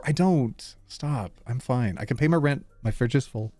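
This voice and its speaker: Bubbly, lively Canadian man streaming. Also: medium pitch, moderate pace, dry recording, faint music behind. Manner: bubbly and playful, laughs often. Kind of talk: casual live-stream chat.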